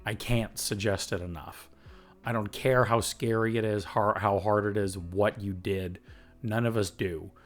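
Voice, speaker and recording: A man's voice: on the low side, steady tone, measured pace, soft background music. A man hosting a recovery podcast, talking earnestly and getting fired up, with the odd swear and laugh. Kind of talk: reflective recovery podcast talk.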